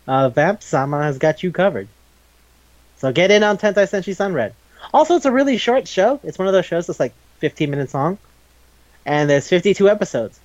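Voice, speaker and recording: A man podcast host reviews a show in loose, rambling chat, often stopping to restart a sentence. His voice is mid-pitched and sits close to the mic. The recording is dull and dry. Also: a little mellow, dry recording. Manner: rambling, laughing, retells scenes.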